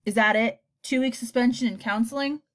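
An uncomfortable father who sounds gruff and wants to cut to the chase. He tries to calm the tension, voiced by a woman reading aloud. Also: a little high, a little fast, voice pushed up, close to an everyday voice. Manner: gruff, trying to smooth things over.

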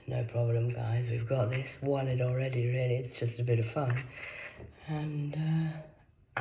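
A British woman vlogging in a rambling live monologue, defiant and boastful, swearing freely and swinging from hushed whispers to loud excited outbursts. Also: a bass voice, normal speed, slight background noise. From United Kingdom.

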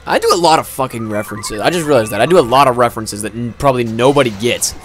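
A man giving profane, loud gaming commentary, yelling at the game often and then dropping into sheepish apologies. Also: mid-range voice, faint music behind. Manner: quick swings between ranting and sheepish apologies. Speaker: gaming video host. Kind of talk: let's-play gaming commentary.

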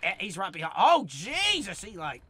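Excitable streamer yelling battle cries. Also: male voice, high-pitched, moderate pace, husky. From Australia. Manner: excitable, yells taunts and battle cries at enemies. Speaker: game streamer. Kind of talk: let's-play gaming commentary.

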